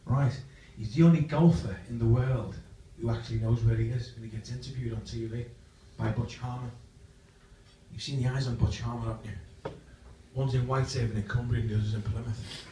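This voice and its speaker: A man doing live stand-up at an event, cheekily teasing the crowd and jumping between voices. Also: mid-range voice. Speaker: comedian and impressionist. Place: large function room, indoors. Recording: echoey hall from far off, faint noise.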